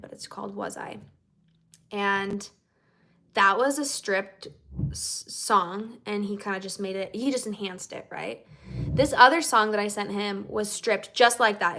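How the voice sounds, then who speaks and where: A woman's voice: mid-range voice, bright, forceful tone. A woman singer-songwriter chatting casually with her fans on a livestream, bubbly and chatty, with lots of "like" and "okay?".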